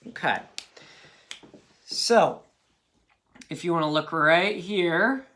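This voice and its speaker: Slow, patient male phonics teacher. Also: fairly high pitch, pushed and bright, slight background noise. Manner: patient, encouraging, checks in with frequent okays. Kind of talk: phonics lesson.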